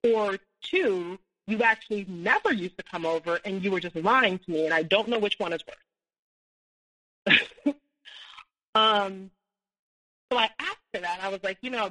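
A woman talks through a personal story as a podcast guest, her voice bright and a little tense. She circles back with fillers and restarts, then acts out the lines other people said in her own voice. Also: medium pitch, low-quality recording. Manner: rambling, many fillers and restarts; acts out quoted dialogue, rising when heated.

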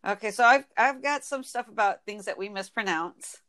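A woman with a Michigan accent chatting casually on a podcast. She talks loosely, heavy on slang, and laughs easily. Her pitch sits in an ordinary middle range. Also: normal speed, fairly bright tone. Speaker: podcast co-host. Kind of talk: casual chat.

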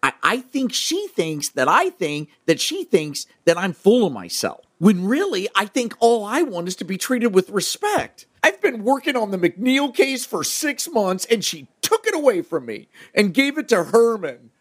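An actor playing an insecure office worker who stammers and rambles. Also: male voice, high-pitched, sing-song, unhurried, hardly any pauses, fairly bright tone, husky, full character voice. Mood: nervous. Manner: stammering, restarting.

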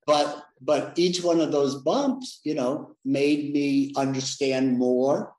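A man's voice: mid-range voice, takes it slowly, a little mellow. A man being interviewed, talking reflectively with many restarts. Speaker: interview guest, sales leader. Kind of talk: conversational interview. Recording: echoey room.

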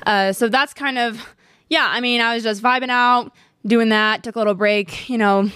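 A young woman hosts her podcast in a candid, chatty way, telling personal stories with lively asides to her listeners. Her voice sits a little high. The sound is dry and close, with no room echo. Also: normal speed, clean tone. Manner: chatty, candid, animated storytelling. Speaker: podcast host. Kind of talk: casual chat.

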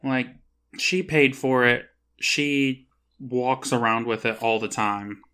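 Slow, bright-voiced man co-hosting. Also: mid-range voice, clear, resonant tone. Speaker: podcast co-host. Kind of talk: casual chat.

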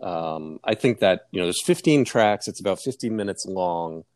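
A man co-hosting a casual music podcast, explaining his views in a measured, hesitant way. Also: low-pitched, expressive, darkish tone, a little hiss or hum. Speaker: podcast co-host.

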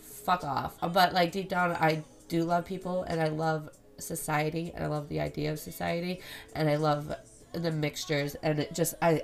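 Young woman host, low gravelly voice, casual rambling podcast chat with faint music behind. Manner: candid, swears a lot, rambling.

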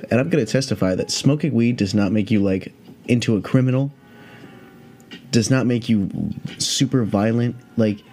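A man's voice: medium pitch, normal speed, long pauses, warm tone, soft background music. A man hosting a casual solo podcast, rambling and swearing, with lots of "like" fillers. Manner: rambling, profane, heavy on "like" fillers. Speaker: podcast host.

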